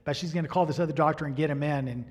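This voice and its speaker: A middle-aged man preaching, telling a personal story in an animated way and acting out the dialogue. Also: on the high side, rapid-fire. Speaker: pastor. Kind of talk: sermon storytelling.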